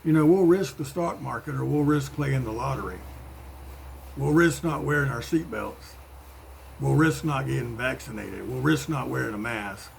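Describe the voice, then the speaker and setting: A man's voice: mid-range voice, normal speed, creaky, slight background noise. A man giving an informal sermon in a conversational way, with playful voiced asides. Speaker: preacher.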